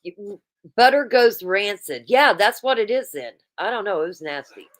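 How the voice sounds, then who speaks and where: A woman's voice: mid-range voice, expressive, normal speed. A woman hosting a casual livestream, chatting and reading viewer comments aloud. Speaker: livestream host.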